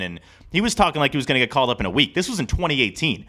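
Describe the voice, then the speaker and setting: A man's voice: mid-range voice, very animated, rapid-fire, bright, forceful tone. A man co-hosting a sports podcast, talking in rambling casual chat with many restarts and laughs. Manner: rambling, self-interrupting, laughs often. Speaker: podcast co-host.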